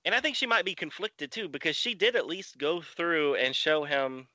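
Podcast co-host, male, crisp bright tone, steady recap delivery, muffled dry recording. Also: on the high side, normal speed, no echo. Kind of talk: comic book recap and discussion.

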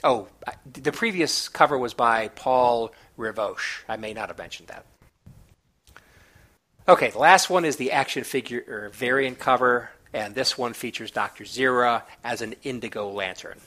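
A man reviewing comic books, recapping the plot in a relaxed, chatty way with small asides. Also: mid-range voice, normal speed.

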